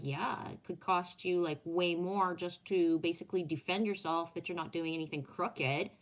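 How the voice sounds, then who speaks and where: A woman, a former restaurant owner and chef, telling a personal story in casual talk, swearing freely and acting out the people she quotes. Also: on the low side. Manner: blunt, swears freely, acts out quoted dialogue.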